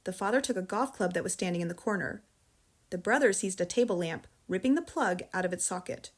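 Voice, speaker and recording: An American woman narrating a children's novel in a calm, measured storytelling voice. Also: fairly low pitch. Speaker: audiobook reader. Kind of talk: audiobook narration.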